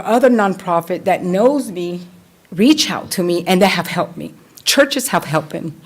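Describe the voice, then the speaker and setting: A woman's voice: on the high side, a little mellow. Emotional woman. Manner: emotional, heartfelt, halting. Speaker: public commenter. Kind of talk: public comment at a council meeting. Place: council chamber.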